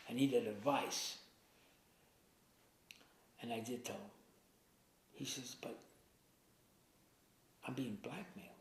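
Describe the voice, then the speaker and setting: A man being interviewed, recounting past events in a halting way, often trailing off quietly. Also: mid-range voice. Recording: echoey room with faint noise.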